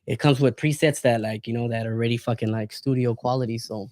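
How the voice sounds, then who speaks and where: A man's voice: medium pitch, steady tone, fast, darkish tone, no echo, studio quality. A man hosting a podcast in casual chat, profane and hyped. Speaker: podcast host.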